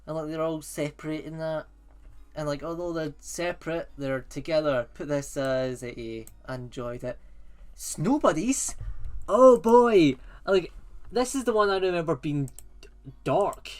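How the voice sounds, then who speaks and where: A man ranking films in a rambling, excitable and sarcastic casual chat. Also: a little high, moderate pace, clean tone.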